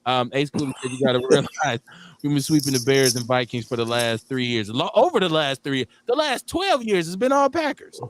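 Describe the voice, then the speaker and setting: A middle-aged man from Milwaukee, hosting a casual radio talk show in an animated, profane way, laughing often. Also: medium pitch, fairly quick, a little hiss or hum. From Milwaukee, Wisconsin. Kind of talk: casual chat.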